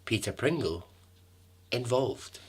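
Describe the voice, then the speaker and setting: A man's voice: medium pitch, animated, takes it slowly, darkish tone, faint music behind. A man hosting a podcast, telling a true-crime story in a chatty way with asides and the odd swear word. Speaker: podcast host.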